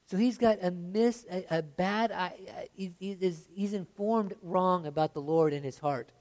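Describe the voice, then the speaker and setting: A man preaching a sermon, reading scripture aloud with rising intensity and dropping to soft confiding asides, often stammering and restarting. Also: high voice, a little slow, hardly any pauses. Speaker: pastor.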